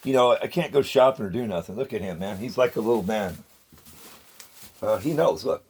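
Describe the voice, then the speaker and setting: A man's voice: on the low side, lively intonation, brisk, a little mellow, slight background noise. A middle-aged man talking to the camera in a rambling casual vlog, chatty and meandering, with grumbling asides. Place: outdoors near a dumpster.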